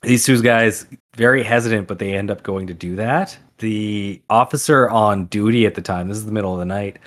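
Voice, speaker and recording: A man's voice: on the low side, fairly quick, fairly bright tone. A man co-hosting a podcast, telling a story in a chatty, loose way and correcting himself as he goes. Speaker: podcast co-host. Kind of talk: casual storytelling.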